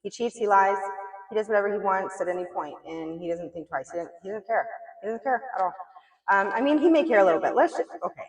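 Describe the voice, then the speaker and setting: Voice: medium pitch, fast talker. Echoey, blunt casual tarot reader. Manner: blunt, chatty, swears, lots of "like" and "you know". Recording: echoey room, mic far off.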